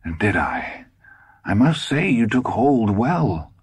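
A man's voice: lowish voice, very animated, slow, breathy edge, no room sound, studio quality, voice pushed up, heavily acted. A man voicing a bitter, mocking, ailing old man in an audiobook. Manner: mocking, weak.

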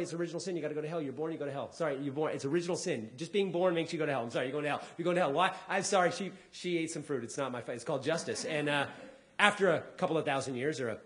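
A man doing a stand-up comedy set, telling a story with energy and slipping into voices for the people in it. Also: a little high. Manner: animated storytelling, acting out voices. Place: lecture hall with a live audience.

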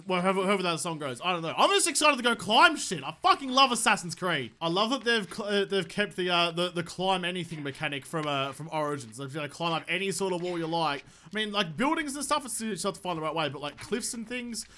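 An Australian man commentating his gameplay, excitable, joking and swearing a lot. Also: high voice, quick pace, hardly any pauses. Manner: excitable, profane, jokey. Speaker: gaming YouTuber. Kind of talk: let's play commentary.

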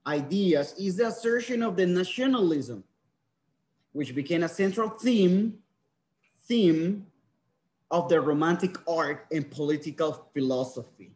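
A man's voice: sits high, a little mellow. A man teaching a class online, switching between languages and correcting his students' pronunciation. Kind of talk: bilingual class lecture.

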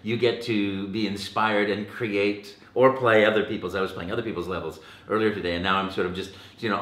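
A man's voice: fairly low pitch, a little fast, few pauses, a bit bright, reverberant. A middle-aged male voice actor telling stories in a playful, theatrical way during an interview. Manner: playful, theatrical, acts out quotes. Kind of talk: animated storytelling in interview.

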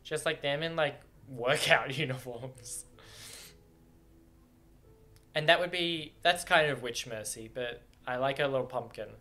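A young man giving casual, excitable, rambling reaction commentary on video game cinematics, laughing often. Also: medium pitch, normal speed, faint music behind.

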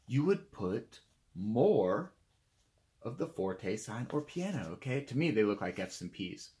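Guy teaching little kids about music, slow and playful, voice bouncing all over. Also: on the low side, big pitch swings, a little mellow. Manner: playful, speaks to kids, mimics animal sounds. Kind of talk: children's music lesson.

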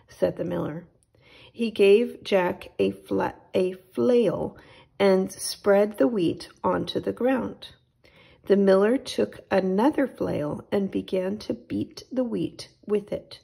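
Slow, gravelly woman reading a storybook. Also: medium pitch. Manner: gentle, unhurried storytelling. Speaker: storytime host. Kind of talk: children's read-aloud.

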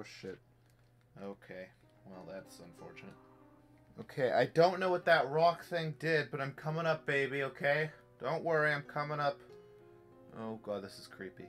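A man's voice: mid-range voice, fairly bright tone. A young man giving live commentary on a virtual reality horror game, jumpy and jokey, swearing as he talks to himself. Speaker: gameplay streamer. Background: faint game music.

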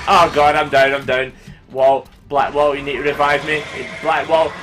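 A young man giving profane, excitable let's play commentary, yelling at his teammates. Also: a little high, unhurried. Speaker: gaming video host.

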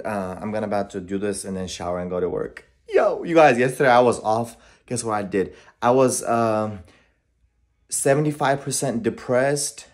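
Young male vlogger, lowish voice, loose chatty talk at home, constant "you guys". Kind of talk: casual vlog chat to camera. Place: home apartment kitchen.

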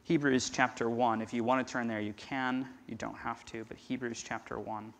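A man preaching a conversational sermon as pastor, swinging from loud emphasis to a near-whisper. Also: medium pitch, fairly even intonation, normal speed. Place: church.

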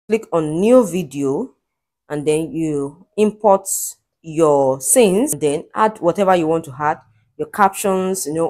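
Guiding viewers step by step through software in a screen-recorded walkthrough, a female tutorial host sounds eagerly enthusiastic. Her voice is low and a little mellow.

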